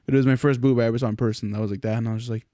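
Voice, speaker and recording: A laid-back young man chatting on a podcast, with a warm, mellow voice. He laughs along easily and swears in passing. The sound is dry and close. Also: medium pitch, steady tone, very fast, dry recording. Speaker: podcast co-host. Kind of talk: casual chat.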